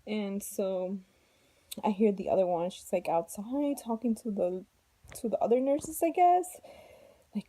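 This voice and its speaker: At home with her kids nearby, a young mom vlogger chattily retells a story in a casual storytime vlog, using lots of "like" and "blah, blah." Her voice is medium-pitched and mellow, a little slow, with long pauses.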